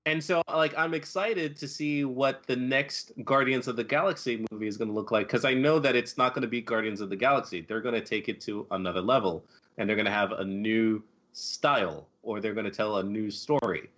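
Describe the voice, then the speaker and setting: A man's voice: lowish voice, brisk, fairly bright tone, dull audio. A man hosting a casual movie podcast, talking animatedly with lots of fillers and laughs. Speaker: podcast host.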